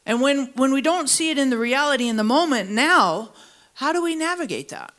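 A woman with a high voice preaches a sermon to a church congregation, part of it in the room and part online. Her delivery is animated: she lifts her pitch far up to stress a point, then sinks low and slow, and she pulls the listeners in by asking them to finish her sentences. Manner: asks the congregation to fill in words. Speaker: pastor. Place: church service, also streamed online.

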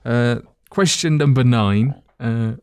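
A man's voice: mid-range voice, slow pace, a little mellow, clear, resonant tone, no echo, clean studio sound. A man hosting a casual football quiz among friends, reading clues and teasing the players. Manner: teasing, reads clues with playful asides. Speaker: quiz host.

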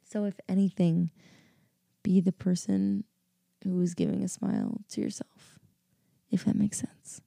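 A woman's voice: fairly low pitch, wildly swooping pitch, unhurried, gravelly, long pauses, mellow, no echo, studio quality. A woman in her early twenties hosting a casual solo podcast, rambling and upbeat with lots of fillers and laughter, and sounding sleepy. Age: 20s. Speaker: podcast host.

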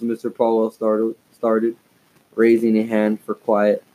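A man narrating a children's story aloud as an expressive storyteller. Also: lowish voice, measured pace, low-quality recording. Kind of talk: audiobook reading of a children's story.

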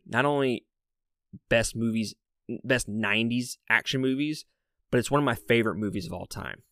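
Southern dude doing a movie countdown, kinda low voice, super clean and dry sound, gets pumped about his picks. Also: a bit bright, clear, resonant tone, dry recording. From American South. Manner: enthusiastic, opinionated, emphatic. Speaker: movie reviewer. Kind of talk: casual ranked movie countdown.

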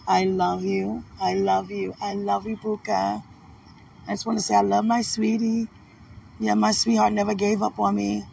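A woman's voice: on the low side, vocal fry, darkish tone, far from the mic, slight background noise. A woman recording a casual, heartfelt video message of thanks, emotional and devout, rambling with many fillers. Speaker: fiancée giving thanks.

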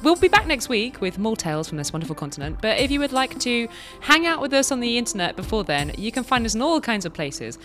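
A woman's voice: a little high, very animated, fast talker, a bit bright, faint music behind. A woman co-hosting a podcast, chatting casually in a bubbly way, often laughing and saying "like". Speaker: podcast co-host. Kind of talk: casual chat.

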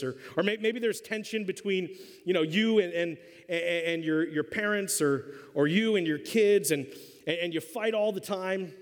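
High-voiced animated pastor in a reverberant hall. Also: male voice, normal speed. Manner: animated storyteller acting out voices. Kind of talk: sermon with a humorous story.

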